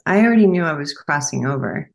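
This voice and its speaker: A woman's voice: low voice, lively intonation, quick pace, creaky. A woman working as a medium on a podcast, hesitantly passing along what she says she is being told. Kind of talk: conversational relaying of messages.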